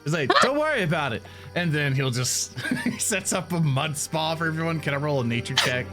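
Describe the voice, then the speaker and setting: An eager male player at a tabletop game who trips over his words. Music plays clearly behind his voice. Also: fairly high pitch, normal speed. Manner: giggly, eager, stumbling. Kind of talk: casual tabletop game chat.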